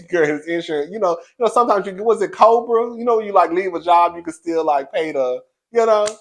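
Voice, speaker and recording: A man's voice: high voice, animated, fairly quick. A man hosting a reality TV recap, talking in a brash, sassy, profane way and laughing often as he gossips. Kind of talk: casual gossip commentary.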